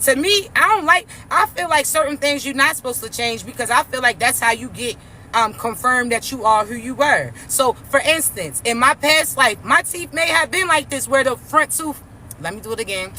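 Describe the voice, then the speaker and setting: A young woman delivers a brash, mocking rant full of profanity, like a vlog talking straight to her viewers. Her voice sits high and bright and sharp. Faint traffic noise hums in the background. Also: expressive, normal speed. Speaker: spiritual vlogger. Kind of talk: casual rant to camera.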